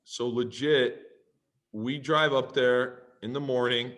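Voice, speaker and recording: A man, a podcast guest telling a story in a lively, profane way and acting out both sides of the conversation. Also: medium pitch, takes it slowly. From Canada. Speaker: podcast guest, pro football player. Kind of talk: casual storytelling.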